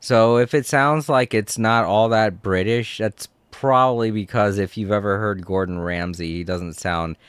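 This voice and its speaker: Slow, smooth-voiced man rambling. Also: on the low side, no echo. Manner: rambling, laughs often. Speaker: streamer. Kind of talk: casual game commentary.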